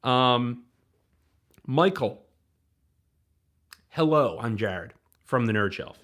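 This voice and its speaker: A man's voice: mid-range voice, lively intonation, extremely slow, fairly bright tone. A man hosting a casual livestream from home, rambling to the camera and chat with frequent ums. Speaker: livestream host.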